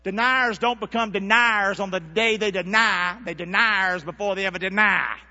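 Pastor guy preaching, high bright voice, big echo in the church. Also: steady tone, moderate pace, muffled recording. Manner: call-and-response preaching, shifts from near-whisper to shouting. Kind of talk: sermon. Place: church sanctuary.

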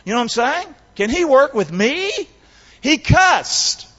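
Male preacher, very high bright voice, lively call-and-response delivery, hushed one moment and shouting the next, dull sound echoing in a hall. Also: a little slow. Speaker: pastor. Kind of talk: sermon.

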